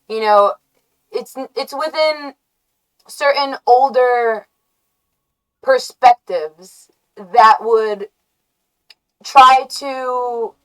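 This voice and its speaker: An American woman hosting a livestream, chatting to her viewers in a rambling, halting way that keeps correcting itself and breaks into giggles. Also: a little high, low-quality recording. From United States. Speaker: livestream host. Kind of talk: casual stream chat to viewers.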